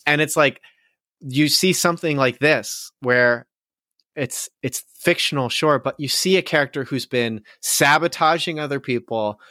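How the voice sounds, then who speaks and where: A man's voice: fairly high pitch, unhurried, pushed and bright, no echo, studio quality. A man co-hosting a podcast, rambling casually with many fillers and frequent laughter. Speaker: podcast co-host.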